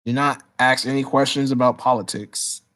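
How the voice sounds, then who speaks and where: A man hosts a casual livestream, reading viewers' questions aloud and answering on the spot. He talks in an excitable, stumbling way, repeating words and restarting sentences as he goes. His voice sits at a middle pitch. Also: normal speed. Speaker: livestream host.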